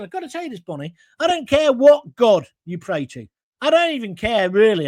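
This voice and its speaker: A man's voice: sits high, dry recording. A man hosting a talk show, ranting bluntly and sarcastically about politics and answering viewer comments.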